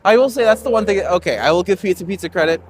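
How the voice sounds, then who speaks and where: A man's voice: high voice, animated, rapid-fire, slight background noise. A man from Canada, a tour guide, chatting and joking while walking uphill outdoors. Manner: joking and chatty, laughs often. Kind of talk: casual chat while walking.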